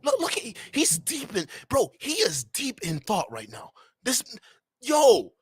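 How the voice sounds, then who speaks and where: Loud mocking man reacting with laughter. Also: extremely high pitch, wildly swooping pitch, a little slow, breathy edge, no room sound. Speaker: reaction streamer.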